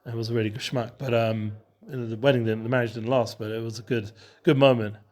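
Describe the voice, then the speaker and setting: A man's voice: medium pitch, fairly even intonation, fast talker, a little mellow. A man teaching a Torah study session and hosting the show, talking loosely with many restarts and mixing in Hebrew and Yiddish terms.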